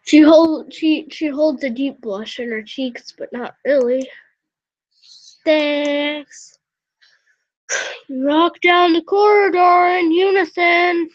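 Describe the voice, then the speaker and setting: A woman's voice: high voice, slow pace, dry recording. A woman reading a visual novel aloud with self-mocking, chatty asides. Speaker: let's player. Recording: dull, lo-fi, dry.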